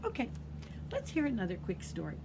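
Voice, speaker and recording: Animated woman reading storytime. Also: a little high, brisk, noisy background. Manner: animated, asks children questions. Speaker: children's librarian. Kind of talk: storytime read-aloud for children.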